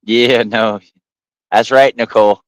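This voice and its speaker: A man telling stories on a podcast in a middle-pitched voice. He acts out the quoted lines in his stories. The sound is dry and close. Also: takes it slowly, dry recording, low-quality recording. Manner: animated storyteller, acts out quotes. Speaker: podcast host. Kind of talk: casual podcast chat.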